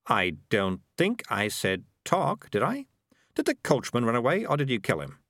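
A man's voice: medium pitch, wildly swooping pitch, moderate pace, fairly bright tone, dry recording, full character voice. A man voicing a cheerful, scheming male talking cat with a wheedling, persuasive manner, in a dry close recording. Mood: cheerful menace.

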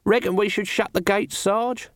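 A man voicing Nobby, a nervous male city guard with a higher, hesitant voice. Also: steady tone, moderate pace, no room sound, clean studio sound, close to an everyday voice.

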